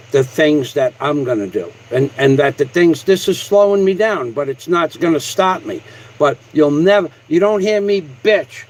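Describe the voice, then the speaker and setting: A man's voice: on the high side, darkish tone, rough recording. A man on a livestream, ranting angrily, repeating himself and swearing heavily. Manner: angry, repetitive and heavily profane. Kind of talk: profane rant on a livestream.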